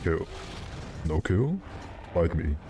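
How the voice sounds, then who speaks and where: A man's voice: low-pitched, very animated, slow pace, background noise. A male streamer chatting casually and rambling, with self-mocking jokes while he plays. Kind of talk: casual gaming stream chat.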